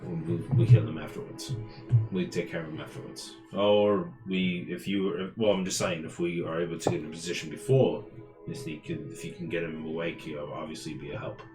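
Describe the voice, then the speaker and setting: A man running a tabletop game as game master, relaxed, laughing often and restarting his sentences. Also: deep voice, a little fast. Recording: echoey room with background music.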